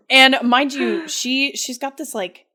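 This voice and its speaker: A woman's voice: sits high, bright, forceful tone. A woman co-hosting a podcast, loosely recapping a story in casual chat, giggling often and leaning on fillers. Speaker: podcast co-host.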